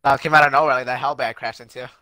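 A man's voice: medium pitch, fairly even intonation, rapid-fire, bright, forceful tone, no echo. A young man in casual gaming chat with friends, cracking jokes and laughing often.

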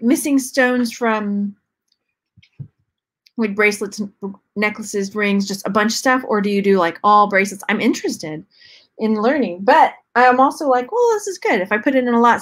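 A woman's voice: on the high side, animated, moderate pace. A chatty woman from Texas hosting a casual live jewelry unboxing, rambling and reading the chat as she goes. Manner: chatty, rambling, talks to her cat and to chat. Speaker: jewelry reseller and channel host.

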